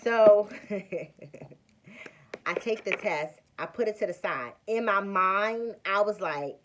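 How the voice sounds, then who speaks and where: A woman's voice: medium pitch, slow pace, pauses often, noisy background. A young woman vlogger telling a personal story in a casual, slangy way, acting out what people said. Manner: animated storyteller, acts out quotes, slangy.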